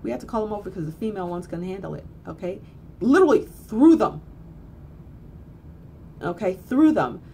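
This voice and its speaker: A woman's voice: medium pitch, a little fast, creaky, long pauses, slight background noise. Blunt, earthy woman telling a story. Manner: blunt, earthy, swears casually; animated, repeats phrases for emphasis. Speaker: spiritual teacher. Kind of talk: casual storytelling monologue.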